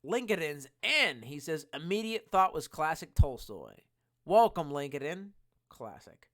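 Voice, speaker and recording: A drunk man streaming, reading chat aloud and rambling with constant swearing and sudden loud outbursts. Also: a little high, big pitch swings, unhurried. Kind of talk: casual live-stream chat.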